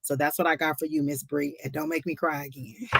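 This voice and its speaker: A woman's voice: deep voice, little pitch movement, brisk, background noise. Tearful, encouraging woman giving a psychic reading. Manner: emotional, tearful, warmly encouraging, calls the viewer honey; talks to the chat as y'all. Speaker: psychic reader on a live stream.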